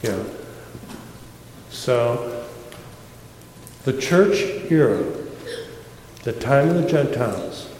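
A man preaching a sermon with passion, repeating words for emphasis and swinging from loud declarations to hushed tones. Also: medium pitch, slight background noise. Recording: echoey hall.

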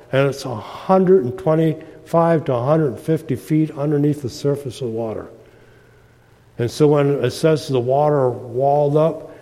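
A man preaching a sermon slowly and emphatically, breaking into loud sung refrains. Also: medium pitch. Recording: long hall reverb.

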